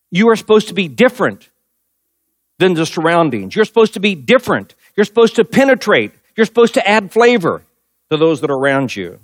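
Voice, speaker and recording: A man's voice: high voice, big pitch swings, a little fast, dry recording, clean studio sound. A middle-aged male pastor preaching a sermon, telling a personal story and driving points home with emphatic repetition.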